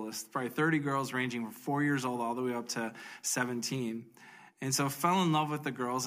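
Earnest man, mid-pitched, telling a personal faith story with feeling. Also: sharp tone. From United States. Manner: earnest, emotional, speeds up and slows for emphasis. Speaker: speaker sharing a personal testimony.

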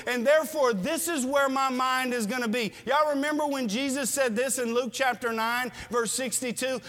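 Preaching in a church, a man with a very high, fairly bright voice plainly and earnestly asks his congregation questions. A long hall reverb hangs on the sound.

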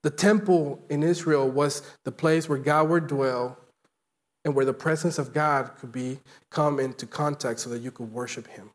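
A man's voice: medium pitch, moderate pace. A man preaching a sermon as pastor, earnest and emphatic, driving his points home with repeated phrases.

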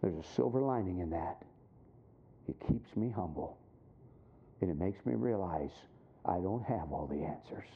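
A middle-aged man preaching a sermon, telling a story with acted-out voices and dropping low and quiet for his points. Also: expressive, normal speed, creaky, long pauses. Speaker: pastor. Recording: tinny phone-like sound.

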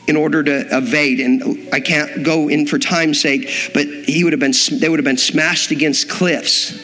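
A man's voice: a little high, a bit bright. A man preaching a sermon, building in intensity and acting out the voices he quotes. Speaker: pastor. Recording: long reverb in a hall, faint music behind.

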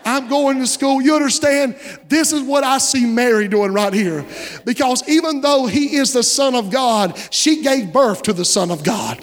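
Brief: thirties male pastor, very high voice, folksy animated sermon, long church echo. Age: 30s. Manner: folksy storytelling preacher, animated, asks listeners directly.

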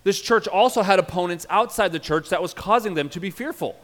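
A man's voice: high-pitched, a little fast. Earnest male pastor preaching in a reverberant hall. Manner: emphatic, swings from loud urging to quiet earnest. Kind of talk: sermon.

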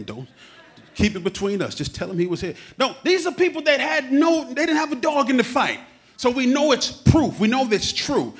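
A man preaching a sermon, humorous and animated, acting out quotes as he teaches. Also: high voice.

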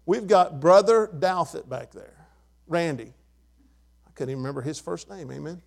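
A man's voice: a little high, moderate pace, creaky. An older man preaching a sermon to his church, emphatic and repeating key words. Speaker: pastor.

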